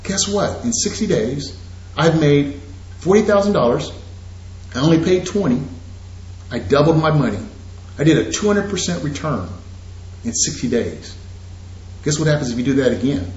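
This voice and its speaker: Animated man lecturing in an echoey room. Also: fairly high pitch, moderate pace, pauses often, highs cut off. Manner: animated, preachy, addresses audience directly. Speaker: real estate investing instructor. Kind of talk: energetic seminar talk.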